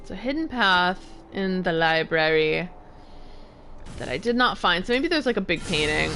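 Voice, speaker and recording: A woman's voice: lowish voice, expressive, moderate pace, bright, forceful tone, slight background noise. A young woman casually commenting while she streams a game, tired and yawning, chatting and laughing as she reads item text aloud.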